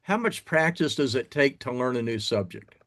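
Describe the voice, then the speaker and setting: A man hosting an interview show, introducing his guests in a measured way. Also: medium pitch, expressive, a bit bright. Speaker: host.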